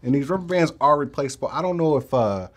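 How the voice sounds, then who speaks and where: A man's voice: a little high, lively intonation, quick pace. A man giving a casual, laid-back product review, who jokes with viewers and calls them y'all and man. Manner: says man and y'all a lot. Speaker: tech reviewer.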